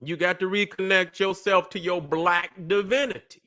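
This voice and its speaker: Dude preaching on his livestream, high voice, cusses a lot, keeps asking if you get it. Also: fairly even intonation, moderate pace, pushed and bright. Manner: profane, emphatic, constantly asks "you see what I'm saying". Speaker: livestream host.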